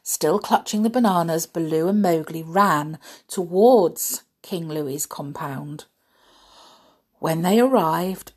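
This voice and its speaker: A middle-aged woman, a mother, reading a children's story aloud in a gentle, chatty way. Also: fairly low pitch, husky. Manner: gentle, chatty, with soft laughs.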